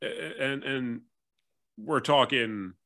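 A man co-hosting a podcast in casual chat, teasing his friends and swearing with quick laughs. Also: mid-range voice, bright, forceful tone. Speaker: podcast co-host.

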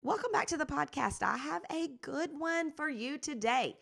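A woman's voice: sits high, lively intonation, moderate pace, creaky, a bit bright, soft background music. A woman hosting her own gardening podcast, talking in an upbeat, encouraging, conversational way. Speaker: podcast host and garden coach. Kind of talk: casual podcast talk.

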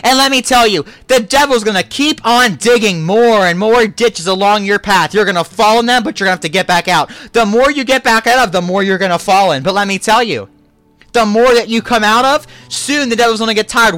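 A pastor preaching a sermon in repeated, declaring lines that rise to shouts. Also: mid-range voice, a little fast, no room sound, faint music behind.

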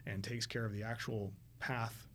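A man's voice: fairly low pitch, flat delivery, moderate pace, fairly bright tone, slight background noise. A man, a guest airline pilot, chatting casually on a podcast and telling stories at length with many fillers.

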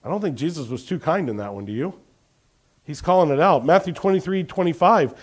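A man's voice: high voice, fairly quick. A man preaching a sermon, telling Bible stories with animation and questioning his congregation. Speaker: pastor.

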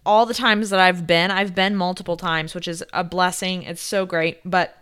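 A young woman vlogger telling a story to her viewers in a chatty, animated way, laughing often and saying "like" a lot. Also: fairly low pitch, normal speed, clear, resonant tone. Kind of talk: casual storytelling to camera.

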